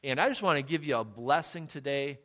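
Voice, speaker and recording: A middle-aged man preaching a sermon as pastor, conversational and earnest, slowing on key phrases and rising to emphatic peaks. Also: medium pitch, lively intonation, pushed and bright.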